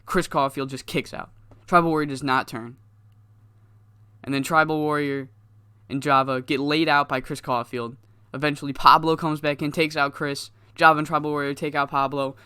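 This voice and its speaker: A man talking through his playthrough in a smooth, clean voice. The sound is close and dry, with no room around it. His delivery is casual and rambling, with plenty of swearing. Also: a little high, flat delivery, normal speed, sharp tone, dry recording. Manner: loose, rambling, profane, laughs at himself. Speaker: gaming YouTuber. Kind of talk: casual game commentary.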